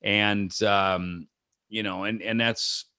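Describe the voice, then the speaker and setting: A man with a fairly low voice talks over a video call, wandering through his answers with lots of fillers and restarts. He slips into acted-out quotes as he goes. The sound is dry and close, with no room around it. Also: steady tone, slow pace, pushed and bright, clean tone, dry recording. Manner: rambling, many fillers and restarts, acts out quotes. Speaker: rock musician guest. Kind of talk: casual interview chat.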